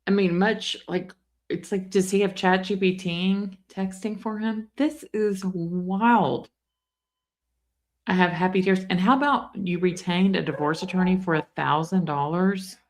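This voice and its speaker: Woman reacting on a live stream, low gravelly voice, lots of fry, chatty. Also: fairly even intonation, moderate pace. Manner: chatty, exclaiming, talks straight to chat. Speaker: true crime commentator.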